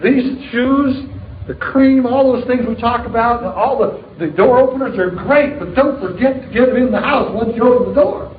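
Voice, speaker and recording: Speaking at a distributor meeting, this middle-aged sales leader delivers an upbeat motivational talk to a live audience, punchy and full of jokey stories. His pitch is extremely high at a moderate pace, in a tinny, narrow-band, reverberant recording with slight hiss or hum.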